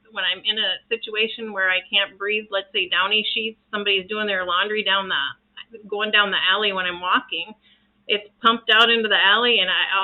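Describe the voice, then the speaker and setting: Brief: woman, reiki practitioner, casual to-camera chat, earnest and rambling, full of restarts, thin phone-like sound. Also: mid-range voice. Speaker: reiki practitioner sharing home remedies.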